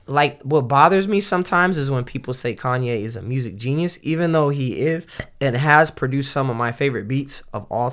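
A man in a casual chat about hip-hop, talking in a rambling, halting way with many restarts and fillers. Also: medium pitch, a bit bright, clear, resonant tone.

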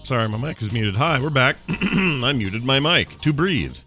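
A man hosting a podcast in casual chat, animated and laughing easily, talking through rambling asides on a home mic over a remote call. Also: mid-range voice, a little slow, over music. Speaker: podcast host.

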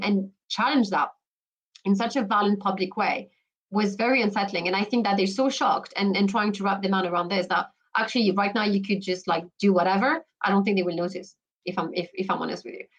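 A woman with a medium-pitched voice speaks briskly, though the audio sounds dull. She's a guest commentator on a podcast interview, emphatic and full of restarts and "you know" fillers.

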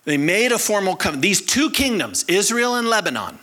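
A pastor preaching a sermon to his congregation, telling stories with lively acted voices and calling on the listeners to respond. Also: high-pitched, fairly quick. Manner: animated storyteller, acts out quoted people; calls on the congregation to answer.

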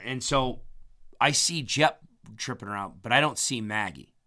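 Bright-voiced man with a strained throat. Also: mid-range voice, expressive, a little slow. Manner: rambling, repeats words, clears throat often. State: strained voice after hurting his vocal cords. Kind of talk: casual storytelling.

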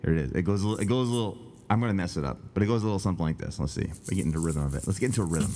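A man's voice: deep voice, animated, racing, background noise. A man hosting a podcast in a casual, rambling, jokey way, talking from home. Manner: rambling, jokey, self-interrupting. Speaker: podcast host. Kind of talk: casual comedic chat. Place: home, indoors.

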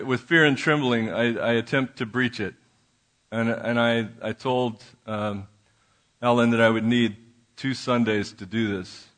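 Halting, conversational male minister preaching. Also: mid-range voice. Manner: conversational, halting with restarts, drops to a soft voice in prayer. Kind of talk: sermon. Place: church sanctuary.

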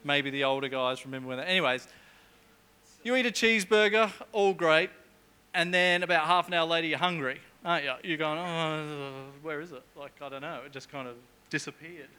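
A man's voice: fairly high pitch, a little fast, pushed and bright, smooth. A middle-aged man preaching a sermon in a church, chatty and jokey, with humorous asides.

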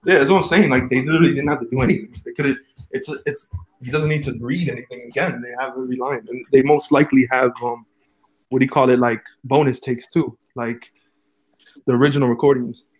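A man's voice: medium pitch, steady tone, fast, slightly rough, dry recording. A man co-hosting a casual podcast chat, rambling and filling his talk with "like" and restarts. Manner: rambling, many fillers and restarts. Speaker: podcast co-host.

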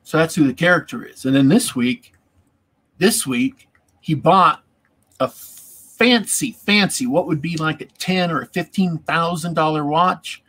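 A man's voice: a little high, unhurried, fairly bright tone. A man in casual chat about tabletop gaming, rambling and repeating words as he thinks.

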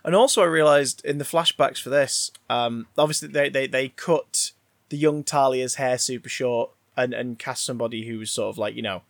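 Gravelly guy ranting about movies. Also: mid-range voice, normal speed, no room sound. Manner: rambling, swears a lot, many restarts. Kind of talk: casual film discussion.

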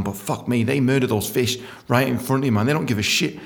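Sweary comedian ranting. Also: male voice, medium pitch, quick pace, creaky. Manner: sweary, rambling rants. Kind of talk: comic monologue.

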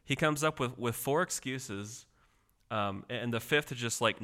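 A man's voice: medium pitch, normal speed, bright, forceful tone. A man co-hosting a casual Bible discussion, explaining word meanings with thoughtful hesitations. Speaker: podcast co-host.

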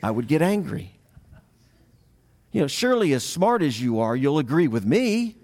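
A middle-aged man, a pastor, preaching a sermon in a relaxed storytelling way, with asides and questions to the listeners. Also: on the high side, normal speed. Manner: conversational storytelling with asides to the audience.

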